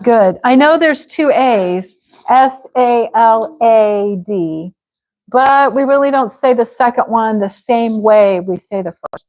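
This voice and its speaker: A patient American woman leads a live English class, breaking words into syllables and praising each learner. She talks slowly in a fairly high voice. The audio is a bit dull and lo-fi. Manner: encouraging, slows to sound out words. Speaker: English teacher. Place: online class.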